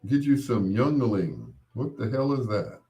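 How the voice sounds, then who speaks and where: A man hosting his own show, telling rambling casual stories with laughs and quick mimicked voices of others. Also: medium pitch, big pitch swings, warm tone. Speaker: podcast host. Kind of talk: casual storytelling monologue.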